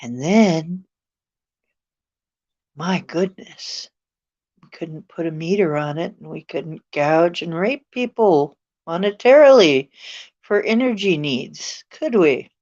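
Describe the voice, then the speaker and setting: A woman's voice: fairly low pitch, lively intonation, slow pace, a little mellow, highs cut off. A woman hosting a casual talk show, rambling with a sarcastic edge.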